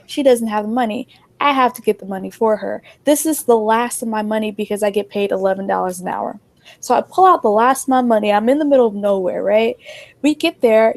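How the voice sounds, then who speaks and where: Gravelly-voiced young woman telling stories. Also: on the high side. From New Jersey. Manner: animated, acts out dialogue. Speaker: storyteller. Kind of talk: casual storytelling chat.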